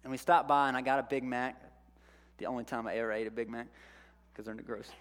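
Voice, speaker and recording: A middle-aged male youth pastor preaching a sermon, telling a story from his college days in an animated way and acting out his own panic. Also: mid-range voice, fairly quick. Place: church sanctuary. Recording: long hall reverb.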